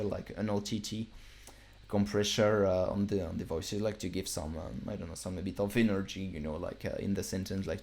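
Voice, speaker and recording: A man, a music producer, casually walking viewers through his software setup on a live stream, rambling with many fillers and restarts. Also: on the low side, slight background noise.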